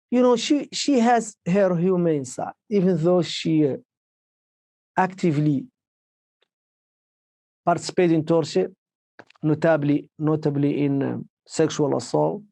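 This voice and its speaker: A man with a slightly high, mellow voice recounts his experiences as a podcast guest. His English is a second language, and he often stops and restarts. The sound is close and dry. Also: vocal fry, dry recording. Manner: halting, repetitive speech with many restarts, speaking English as a second language. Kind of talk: recounting personal experiences in an interview.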